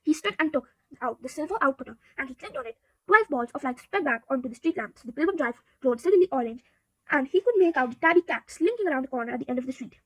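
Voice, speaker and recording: A woman's voice: sits high, lively intonation, fast, fairly bright tone, dry recording, poor audio. A woman narrating a storybook aloud, reading steadily with occasional stumbles.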